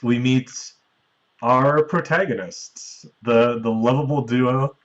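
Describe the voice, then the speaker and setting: A man hosting a podcast casually recaps a film's plot at length, chuckling now and then. His mid-range voice is steady and slow, and the audio sounds dull.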